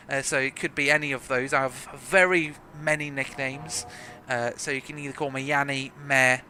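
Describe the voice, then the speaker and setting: A young man from South Africa with a South African accent softened by British English, giving rambling, jokey commentary on a sim racing livestream. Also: fairly high pitch, slight background noise. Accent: South African with some British English. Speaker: race commentator.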